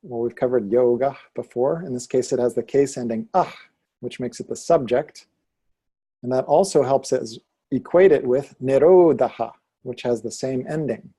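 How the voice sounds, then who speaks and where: A man teaching yoga philosophy and Sanskrit pronunciation in a calm, deliberate way, leading students to repeat after him. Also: medium pitch, husky. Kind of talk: slow, calm teaching with call-and-repeat chanting.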